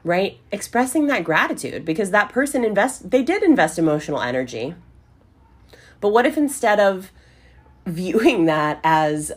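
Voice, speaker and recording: A woman's voice: mid-range voice, husky. A woman hosting a solo podcast in a conversational way, often checking in with the listener and swearing casually. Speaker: podcast host.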